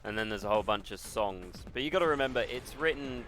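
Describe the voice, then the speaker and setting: This gaming streamer's voice is on the low side, animated, quick and fairly bright in tone. He chats casually while playing a shooter, rambling and musing and muttering at the game, with music and gunfire behind him.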